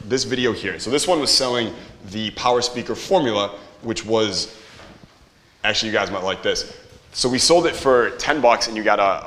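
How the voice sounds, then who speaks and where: A man's voice: on the low side, fairly bright tone. A man teaching a live seminar audience, casual and profane, quizzing the crowd and having them repeat after him. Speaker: marketing seminar presenter.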